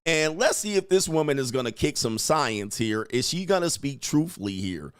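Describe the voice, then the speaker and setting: A man's voice: on the high side, sing-song, normal speed, smooth, no room sound, clean studio sound. A man hosting a casual livestream, reading viewer comments and riffing with profane, joking commentary. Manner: profane, joking, reads chat aloud. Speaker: livestream host and dating coach.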